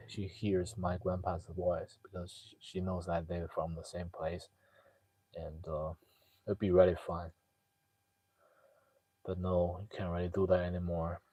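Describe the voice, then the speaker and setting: Halting man. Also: low-pitched, a little mellow, dry recording, low-quality recording. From northeast China. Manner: halting, many fillers and restarts. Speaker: guest sharing a personal story. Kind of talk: casual storytelling.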